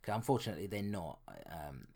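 A man's voice: sits low, lively intonation, quick pace, darkish tone. A man, co-hosting a podcast, talking through a horror film in a chatty, hesitant way with many restarts. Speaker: podcast co-host. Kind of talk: casual film review chat.

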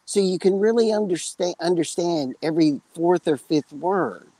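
A man's voice: sits high, normal speed, dark tone, no room sound, rough recording. A man with a West Texas accent, chatting casually as a podcast co-host and telling long, joking stories. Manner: rambling storyteller, joking. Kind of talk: casual chat.

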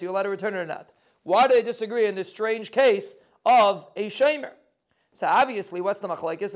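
A man leads a Talmud lesson. He reads the Aramaic text aloud and explains it in quick, casual sprinkled with terms. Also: high voice. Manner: quick explanatory, translating Aramaic text into English with yeshiva phrasing. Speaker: Talmud teacher. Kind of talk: daf yomi Talmud lesson.

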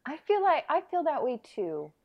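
A woman's voice: high voice, huge pitch swings, normal speed, dull audio. A young adult woman co-hosting a podcast, chatty and agreeable, filling her talk with "like" and "you know". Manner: chatty, agreeable, many fillers like "like". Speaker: podcast co-host. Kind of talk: casual podcast chat.

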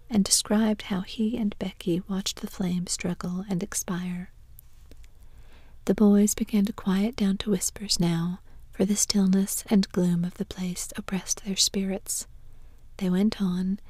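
A woman reads a story in a soft, breathy whisper as a whispered role-play. Her tone is mellow and dark, and the sound is very close and dry. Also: medium pitch, no echo. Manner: soft, even whispered reading.

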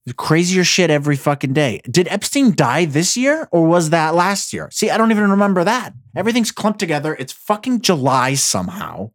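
A man's voice: on the high side, sing-song, fairly quick, hardly any pauses, no room sound, studio quality. A man hosting a casual solo podcast, ranting about the news with heavy profanity and rambling restarts. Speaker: podcast host.

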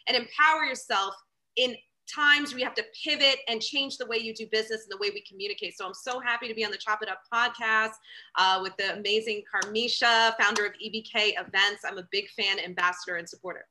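A woman appears as a guest on a podcast in casual chat. Her voice is strikingly bright and fairly high. She speaks with upbeat enthusiasm and is quick to praise. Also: steady tone, rough recording. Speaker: podcast guest, business founder.

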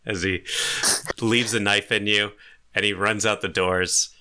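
Game master narrating, a man with a bright, sharp tone and a slightly low voice. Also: little pitch movement, moderate pace, clear, resonant tone. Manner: laughs often while narrating.

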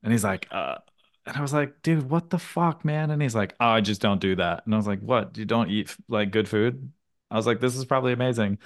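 A man with a lowish voice hosts a relaxed podcast conversation. He tells lively anecdotes, acting out what others said, with casual swearing. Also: brisk. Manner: animated storytelling with acted-out quotes and casual swearing. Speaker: podcast host. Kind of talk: casual chat.

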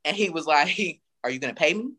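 A woman co-hosting a casual chat, telling animated, profane stories. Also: deep voice, fairly quick. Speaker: podcast co-host.

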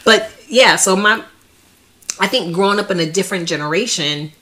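A woman co-hosting a podcast in casual chat, telling stories with lively swings between loud and soft. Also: medium pitch, moderate pace, slight background noise. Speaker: podcast co-host.

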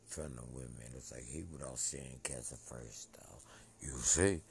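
A man talking in a rambling monologue that drifts between topics, swinging from loud outbursts to low mutters. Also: moderate pace, gravelly, slight background noise.

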